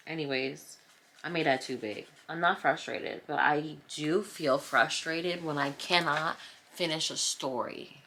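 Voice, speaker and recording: Low-voiced woman rambling while she paints. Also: bright, forceful tone. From New Jersey. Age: 30s. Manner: rambling, self-mocking, playfully dramatic. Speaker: vlogger. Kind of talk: casual chat while painting. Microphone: camera mic.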